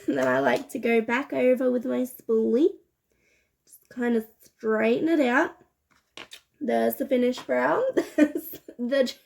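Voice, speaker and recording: A woman's voice: a little high, gravelly, darkish tone. A young woman chatting casually while doing her makeup, laughing and swearing often. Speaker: beauty vlogger. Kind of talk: get-ready-with-me chat.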